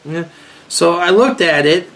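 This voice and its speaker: A rabbi gives an informal, rambling lecture to a small group, joking, animated, and putting questions to his listeners. His voice is on the high side and unhurried.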